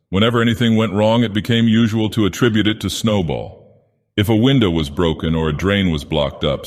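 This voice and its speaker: A man narrating an audiobook in character as an ancient menacing god-villain, with a grave, deliberate delivery. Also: low voice, natural voice. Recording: long hall reverb.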